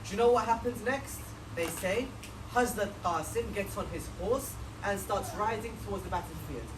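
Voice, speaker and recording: A man's voice: high-pitched, moderate pace. A man telling a religious story as a sermon, speaking earnestly to the audience and asking them questions. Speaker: majlis speaker. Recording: echoey distant mic with background noise.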